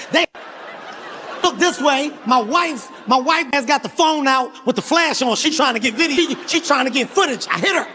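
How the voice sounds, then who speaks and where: High-pitched, animated male comedian. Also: moderate pace, long reverb tail, a little hiss or hum. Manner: animated, profane, often shouting. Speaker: stand-up comedian. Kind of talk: stand-up storytelling. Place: comedy stage before an audience.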